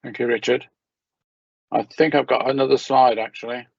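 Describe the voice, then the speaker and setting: A man with a croaky voice giving a measured, formal presentation at a meeting, with small restarts. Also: mid-range voice, steady tone, dry recording. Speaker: hospital governor presenting at a meeting. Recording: dull, lo-fi meeting audio.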